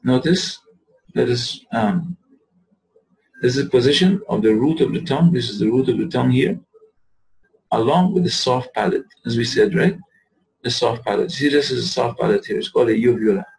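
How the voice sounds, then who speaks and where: A man teaching an Arabic lesson, patiently repeating words slowly to show how the sounds are made. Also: mid-range voice, expressive, gravelly, darkish tone, low-quality recording. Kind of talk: recorded lesson.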